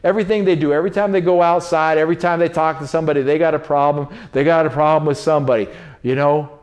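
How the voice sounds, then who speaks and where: A man's voice: on the high side, fairly even intonation, fast talker, darkish tone, highs cut off. A man hosting a casual spoken monologue, preachy and repetitive, talking in street slang. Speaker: host.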